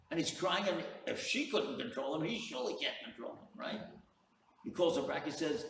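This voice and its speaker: Earnest rabbi preaching in a roomy hall. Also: male voice, a little high, sing-song, normal speed, gravelly, fairly bright tone. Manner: earnest storyteller, direct appeals. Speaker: rabbi, lecturer. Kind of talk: sermon to a live audience. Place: event hall. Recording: roomy hall, distant mic, faint hum.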